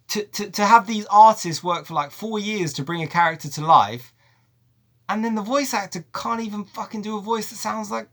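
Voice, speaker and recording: A man giving an exasperated, profane film review rant. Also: sits high. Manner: animated, profane, exasperated ranting. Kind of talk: ranting video review.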